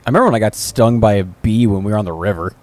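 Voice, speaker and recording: A man's voice: fairly low pitch, very fast, a little mellow. A man co-hosting a podcast, chiming in with profane jokes and his own stories in casual banter. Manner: profane, joking interjections. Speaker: podcast co-host.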